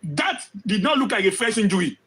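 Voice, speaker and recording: A man giving impassioned commentary, hoarse from losing his voice, firing off rhetorical questions and repeating phrases for emphasis. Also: high-pitched, big pitch swings, fairly quick, fairly bright tone, low-quality recording. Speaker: social commentator.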